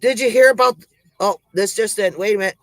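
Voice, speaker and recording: A man's voice: sits high, a little fast, a bit bright, dry recording, rough recording. A man playing a folksy country woman who hosts a comic joke report, rambling, out of breath and sighing between jokes. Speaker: comedy show host. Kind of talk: comic monologue.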